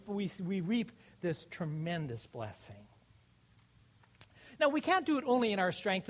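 A male pastor delivers an earnest, exhorting sermon. His voice sits high and swings widely in pitch as he asks the congregation questions and restarts his sentences. The recording sounds dull and lo-fi. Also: fairly bright tone.

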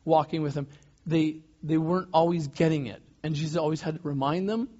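A man preaching a sermon as pastor, in a loose conversational way with restarts and soft laughs. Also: on the high side, a little fast. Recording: dull lo-fi sound.

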